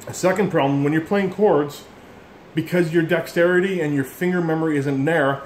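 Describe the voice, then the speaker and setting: A man's voice: fairly high pitch, moderate pace, a little hiss or hum. A middle-aged man giving a casual music lesson, explaining bluntly and rambling, calling himself an ass for it. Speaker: instrument teacher. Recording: echoey room with instrument playing.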